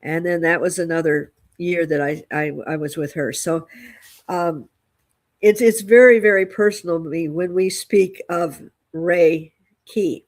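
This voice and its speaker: A woman co-host of a spiritual chat show tells a personal story in a reflective, unhurried way. She circles back and restarts her sentences as she goes. Her talk is casual and sincere. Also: on the low side. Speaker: co-host and Reiki master teacher.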